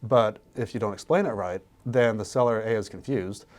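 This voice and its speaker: A man who invests in real estate, talking casually on a podcast and acting out sales pitches with animation. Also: normal speed, darkish tone.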